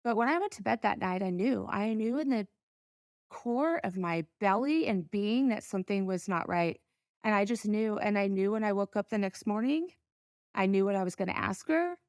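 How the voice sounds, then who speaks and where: A middle-aged woman, a podcast guest, telling a personal story in an earnest, halting way with pauses to gather herself. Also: medium pitch, lively intonation, a little mellow, dry recording, studio quality.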